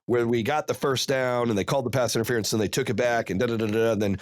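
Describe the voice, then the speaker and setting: A man hosting a podcast, telling a story in a casual, profane, animated way and rattling off rapid play-by-play. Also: mid-range voice, dry recording, clean studio sound. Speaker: podcast host.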